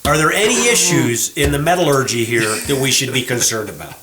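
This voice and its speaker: A man's voice: medium pitch, fairly quick, echoey room, noisy background. A man hosting a gunsmithing show, chatting casually and pointing out flaws on a gun to viewers. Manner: folksy, animated, talks to viewers as folks. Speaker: show host, gunsmith shop owner. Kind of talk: casual explanatory chat. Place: gun shop workroom.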